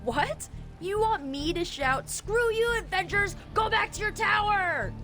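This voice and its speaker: A woman's voice: medium pitch, very animated, normal speed, lightly acted. An actress playing a blunt, sarcastic young woman hero who vents her frustration in a video game. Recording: game audio with music.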